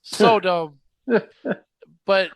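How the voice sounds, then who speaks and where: A man's voice: high voice, steady tone, takes it slowly, clear, resonant tone, no echo. A man hosting a casual wrestling podcast, ranting in an exasperated tone and laughing often. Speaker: podcast host.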